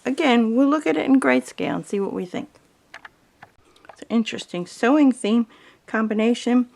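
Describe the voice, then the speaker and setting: A woman teaching a quilting tutorial in a calm, explanatory way, talking through fabric choices as a voice-over. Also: a little high, normal speed, creaky. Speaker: quilting instructor. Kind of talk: video tutorial narration.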